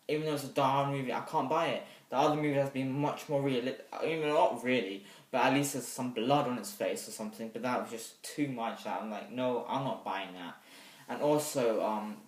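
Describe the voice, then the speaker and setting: A young man reviewing a movie in a rambling, hesitant way, with sudden loud bursts of excitement. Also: mid-range voice, a little fast. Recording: echoey room, mic set back.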